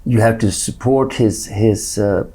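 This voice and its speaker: A man in his seventies with a Swedish accent, a guest on an interview podcast, talking in halting stretches with many restarts and repeated words. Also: lowish voice, fairly even intonation, warm tone. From Sweden. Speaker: guest actor.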